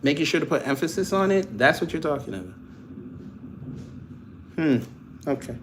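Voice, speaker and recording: A man hosts a livestream with casual political commentary, his voice a little high with big pitch swings, at a moderate pace over a noisy background. Speaking African American Vernacular English, he mocks and trash-talks commenters while laughing.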